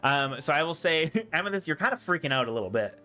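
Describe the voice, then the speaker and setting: A man narrating as game master, talking in a relaxed, rambling way with lots of fillers. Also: a little high, fast talker, soft background music.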